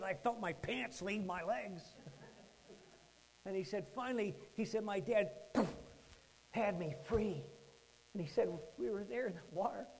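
A man preaching, telling a story with dramatic swings from hushed to loud. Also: high voice, low-quality recording. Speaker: pastor. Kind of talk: sermon storytelling.

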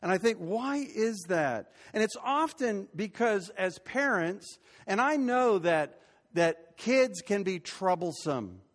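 A man's voice: high-pitched, expressive, slow. An older man preaching a sermon as pastor, conversational and rising to emphatic peaks. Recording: long hall reverb.

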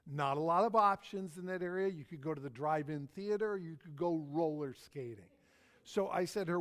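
A man's voice: fairly high pitch, brisk. A middle-aged man preaching a sermon, telling a personal story in a folksy, anecdotal way and repeating his phrases. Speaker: pastor.

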